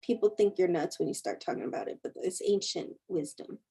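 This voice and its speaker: On a casual livestream, a female spiritual teacher and intuitive healer spins stories and laughs a lot. She speaks a little fast, her voice low, mellow, and edged with breathiness, over poor audio.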